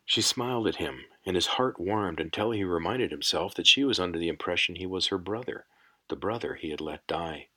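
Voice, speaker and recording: A man narrating a fantasy audiobook in a measured, unhurried storytelling manner. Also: low-pitched, lively intonation, pushed and bright, breathy edge. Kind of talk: scripted narration.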